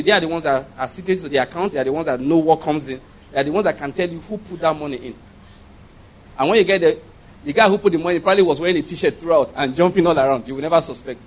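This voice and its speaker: A man preaching a sermon as a pastor, animated, with laughing asides and acted-out quotes. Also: fairly high pitch, poor audio.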